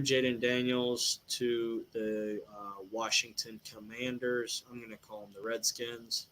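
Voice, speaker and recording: A man's voice: medium pitch, fairly bright tone, a little hiss or hum, poor audio. Rambling male sports podcast host. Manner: rambling, filler-heavy, thinks aloud. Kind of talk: casual sports betting talk.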